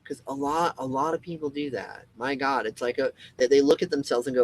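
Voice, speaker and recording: A man hosting his own show gives a fired-up, rambling monologue, swearing often, restarting a lot, and mocking the voices he quotes. His mid-range voice goes briskly with few pauses, and the audio is poor.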